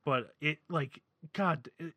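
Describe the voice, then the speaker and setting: A man from the Philadelphia area, co-hosting a casual chat, animated and excitable, swearing freely. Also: on the high side, slow, dry recording. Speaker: podcast co-host.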